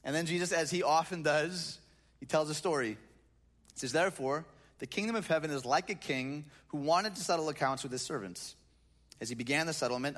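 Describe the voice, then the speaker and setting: A man's voice: fairly high pitch, fairly bright tone. A man preaching a sermon from a stage, reading scripture and breaking into conversational, joking asides. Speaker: pastor. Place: church stage.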